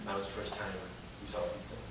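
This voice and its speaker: A man on a convention panel, telling stories in a halting, rambling way with lots of fillers and laughs, into a mic held away from his mouth. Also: fairly low pitch, little pitch movement. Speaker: actor on a fan convention panel. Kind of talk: casual panel Q&A storytelling. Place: large echoey convention hall. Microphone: handheld mic held away from the mouth. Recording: echoey hall, voice from far off, background noise.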